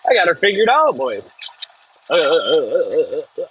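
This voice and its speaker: A man's voice: on the high side, big pitch swings, normal speed, long pauses, fairly bright tone, slight background noise, low-quality recording. An American man chatting casually on a live stream from the cab of a heavy machine, reading viewer messages aloud and swearing when it jolts. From United States. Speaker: livestreaming equipment operator. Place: cab of a heavy machine bouncing over frozen ground outdoors.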